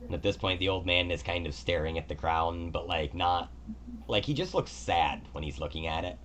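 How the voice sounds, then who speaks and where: A man's voice: deep voice, moderate pace, a bit bright, slight background noise. A man narrating as game master of a tabletop game in a casual, descriptive way.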